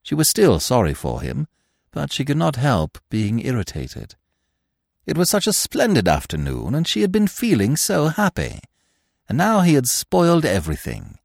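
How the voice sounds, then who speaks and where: A man narrating classic fiction in an expressive storytelling manner. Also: medium pitch, normal speed, creaky, no echo, studio quality.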